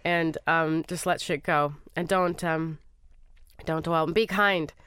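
A woman's voice: low-pitched, steady tone, slow pace, fairly bright tone, smooth, no room sound. A woman co-hosting a podcast in casual chat, laughing often, with a dry, teasing humor. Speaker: podcast co-host.

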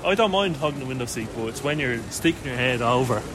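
A man's voice: medium pitch, lively intonation, fast talker. Young Irish man, podcast co-host, dry laid-back delivery, busy crowd noise on a phone recording. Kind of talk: casual travel chat. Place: outdoors in busy city streets and an airport.

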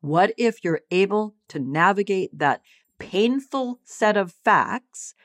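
Expressive woman giving a dry, close talk. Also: mid-range voice, takes it slowly, no room sound. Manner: warm and expressive, calls listeners sweethearts and darlings. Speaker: psychologist and teacher. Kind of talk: motivational talk on acceptance.

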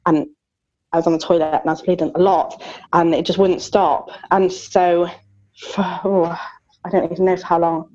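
A woman's voice: fairly low pitch, little pitch movement, moderate pace, a little mellow, dull audio. A woman in her thirties chatting candidly as a podcast co-host, open and talkative with lots of fillers and self-mocking jokes. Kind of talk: candid casual chat.

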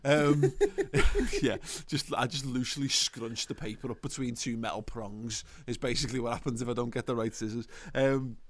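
A man's voice: medium pitch, fairly even intonation, normal speed. A man in casual chat, wry and laid-back, often trailing off mid-sentence.

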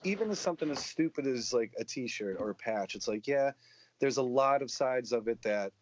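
A man's voice: medium pitch, lively intonation, normal speed, lo-fi sound, slight background noise. A man telling rambling, profanity-laced stories in a casual chat. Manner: profane, rambling, matter-of-fact.

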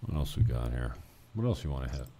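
Deep, dark-voiced laid-back man. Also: big pitch swings, fast. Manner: laid-back, swears casually, trails off mid-sentence. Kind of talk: casual chat.

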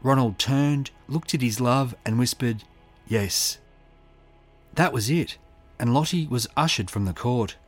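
A man giving measured, scripted true-crime narration and reading out quotes. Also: medium pitch, faint music behind. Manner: measured, reads quotes aloud.

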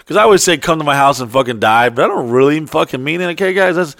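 A man telling a wild story in casual, profane chat, acting out quotes in high voices. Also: lively intonation, fast talker, hardly any pauses, fairly bright tone, no room sound, studio quality. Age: adult.

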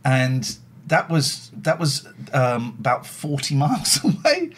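A middle-aged man chats casually and tells rambling, self-mocking stories. His voice is a little husky, and his pitch swings about a lot as he talks. He swears freely and laughs at himself. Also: wildly swooping pitch, slow, a bit bright. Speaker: livestream host. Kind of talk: casual chat.

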